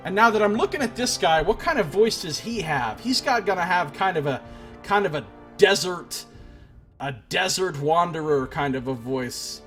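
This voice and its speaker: A man's voice: sits high, lively intonation, normal speed, fairly bright tone, soft background music. A young man hosting a game stream, musing aloud in casual, half-mumbled commentary. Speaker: let's play host.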